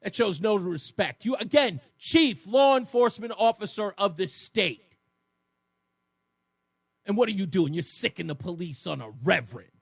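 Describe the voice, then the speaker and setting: Fired-up, high-voiced radio host, man. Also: lively intonation, normal speed, creaky, breathy edge, dry recording. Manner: emphatic, repetitive, mocking. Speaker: radio talk show host. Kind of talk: fired-up talk radio monologue.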